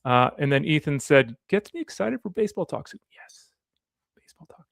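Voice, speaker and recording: Sports show host guy, rambly and chatty, kinda high and gravelly. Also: animated, fairly quick, no echo, studio quality. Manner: rambling, chatty, easily sidetracked. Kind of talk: casual chat while opening card packs.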